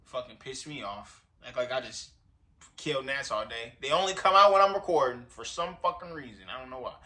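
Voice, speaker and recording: A man's voice: mid-range voice, fairly quick, pushed and bright. A man doing casual reaction commentary to camera, rambling and profane, talking straight to his viewers. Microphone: recording himself on camera.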